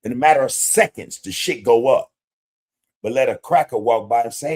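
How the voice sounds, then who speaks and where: A man's voice: mid-range voice, normal speed, darkish tone. A man hosting a podcast livestream, talking bluntly in street slang with plenty of profanity and greeting viewers in the chat. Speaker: podcast host. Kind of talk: casual livestream commentary.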